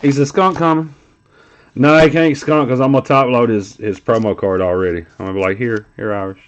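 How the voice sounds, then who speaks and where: A man's voice: mid-range voice, steady tone, fairly quick, dull audio. A middle-aged man casually chatting on a live stream while opening trading card packs, teasing a viewer in a joking, profane way.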